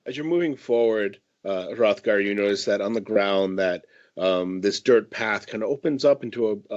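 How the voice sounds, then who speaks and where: A man's voice: lowish voice, lo-fi sound. A man running a tabletop horror game, narrating scenes in a hesitant, descriptive way. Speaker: game master.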